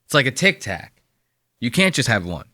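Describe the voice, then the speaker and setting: Bright, crude-mouthed man riffing on clips. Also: mid-range voice, big pitch swings, moderate pace, dry recording, studio quality. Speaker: podcast host reacting to clips. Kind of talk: profane comedic commentary.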